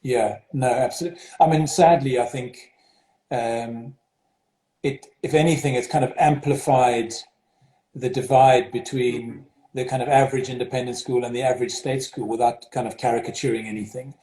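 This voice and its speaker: A man's voice: medium pitch, steady tone, moderate pace, warm tone. A man from South Africa with a South African accent, a headmaster talking in an interview, hesitant with many fillers and restarts. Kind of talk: interview over video call. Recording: roomy echo.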